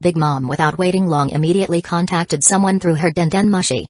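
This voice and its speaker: A woman giving steady, scripted narration of an audiobook. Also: on the low side, brisk, hardly any pauses, no room sound.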